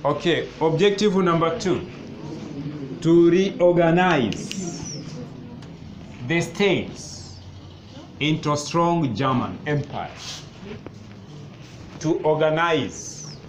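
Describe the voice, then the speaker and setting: A male history teacher dictates notes to a class, slowly repeating each phrase. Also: on the high side, lively intonation. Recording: noisy classroom ambience.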